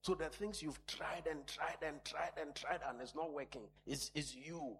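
A man preaching a sermon who shifts from hushed whispers to loud, high-pitched exhortation and repeats phrases for emphasis. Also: steady tone, normal speed, hardly any pauses, slight background noise.

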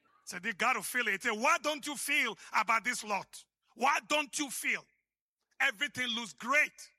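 A man with an African accent preaching a sermon as pastor, emphatic and rising to shouts. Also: extremely high pitch, moderate pace, no room sound, clean studio sound.

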